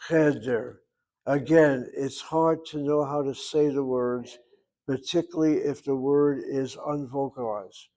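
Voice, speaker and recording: A man's voice: medium pitch, steady tone, a little slow, dark tone. A man teaching a Hebrew grammar lesson, explaining patiently and methodically and repeating words as drills.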